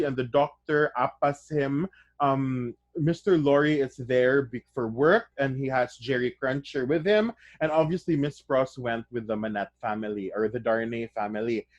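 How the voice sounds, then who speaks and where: A man reading a novel aloud, then breaking off into casual, excited comments to his listeners. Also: mid-range voice, no room sound, dull audio. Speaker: reader of a novel.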